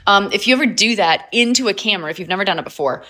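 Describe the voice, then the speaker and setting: A woman talks casually on her livestream. Her voice sits in a middle pitch and has a bright edge. She is chatty and upbeat, and laughs often between thoughts. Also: lively intonation, rapid-fire. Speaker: livestream host.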